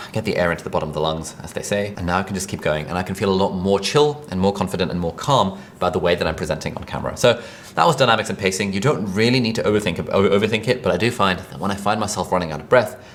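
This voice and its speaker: A man giving a conversational direct-to-camera tutorial on presenting, energetic and quick, recorded with a videographer. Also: deep voice, a little hiss or hum. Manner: fast, energetic, conversational delivery. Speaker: online video coach.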